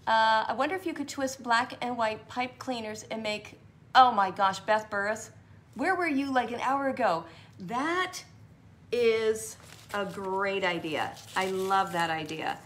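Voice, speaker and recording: A woman's voice: fairly high pitch, unhurried, fairly bright tone. A woman hosting a live craft tutorial, chatting and rambling as she answers viewers by name.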